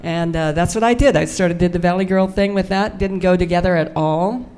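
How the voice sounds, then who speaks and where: A woman's voice: on the low side, a little fast, a little mellow, clear, resonant tone. An older woman telling anecdotes as a guest on a convention panel, chatty and self-mocking. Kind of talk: storytelling on a fan panel. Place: convention stage before a live audience.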